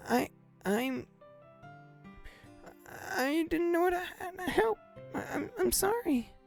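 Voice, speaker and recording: A man's voice: very high-pitched, lively intonation, slow pace, gravelly, faint music behind, voice pushed up, heavily acted. A man voicing a shy, anxious young woman in a visual novel read-aloud, stuttering on nearly every word. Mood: tearful, panicked.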